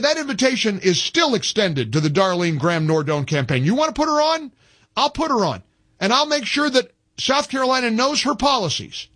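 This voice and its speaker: A man's voice: very high voice, sharp tone, husky. A man hosting a talk radio show, delivering a fired-up political rant that is emphatic and repetitive. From American South. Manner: emphatic, repetitive, restarts mid-sentence.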